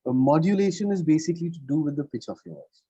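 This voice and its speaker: A man's voice: a little high, fast talker, mellow, breathy edge, dry recording, muffled recording. A man giving a one-on-one English lesson over a video call, explaining patiently and checking in with "right?" after nearly every point. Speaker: English tutor.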